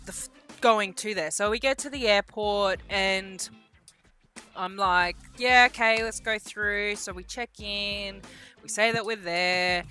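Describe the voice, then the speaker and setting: Bright-voiced woman telling a story. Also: mid-range voice, smooth. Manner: casual, swears freely; lively storyteller, acts out quotes. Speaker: vlogger. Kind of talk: storytime vlog.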